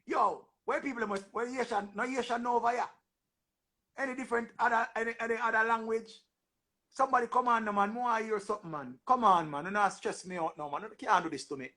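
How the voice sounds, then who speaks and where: A young man with a Jamaican accent, hosting a casual livestream and bantering in animated patois, often repeating himself. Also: very high voice, fast. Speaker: livestream host. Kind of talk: casual livestream chat with callers.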